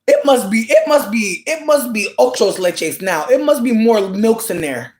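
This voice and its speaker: Dramatic, swearing live-stream ranter. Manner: dramatic, expressive, swears often, calls viewers sweetie; big swings in pitch, sudden squeals and drawn-out words. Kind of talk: casual live-stream rant.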